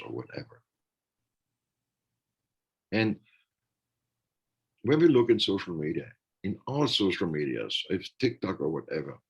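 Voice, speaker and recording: Low gravelly guy on a podcast, kinda breathy, earnest and emphatic. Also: highs cut off. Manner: earnest, emphatic, acts out quoted remarks. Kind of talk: reflective podcast conversation.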